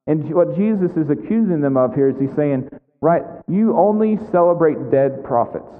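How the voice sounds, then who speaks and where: A man's voice: a little high, lively intonation, moderate pace. Male preacher, tinny sound in an echoing hall. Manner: conversational preaching with frequent "right?" asides. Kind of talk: sermon. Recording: tinny phone-like sound with long hall reverb.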